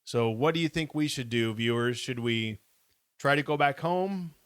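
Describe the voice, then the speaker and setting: A man co-hosting a casual podcast, reading passages from a kids' adventure book at a steady pace and dropping wry remarks. His voice sits at an ordinary middle pitch. The sound is close and dry. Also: moderate pace, clear, resonant tone, dry recording. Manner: steady reader, wry comments. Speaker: podcast co-host.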